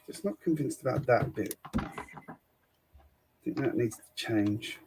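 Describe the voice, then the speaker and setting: A man's voice: mid-range voice, a little slow, noisy background. A man hosting a livestream, chatting casually and matter-of-factly while building, with a dry humour. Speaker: host.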